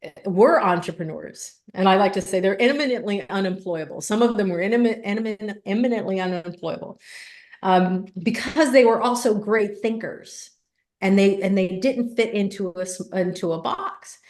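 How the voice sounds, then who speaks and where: Woman coach on a podcast, chatty and animated, bit of room echo. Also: medium pitch, moderate pace. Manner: animated storytelling, acts out quoted voices. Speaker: business coach guest. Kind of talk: conversational interview. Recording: echoey room.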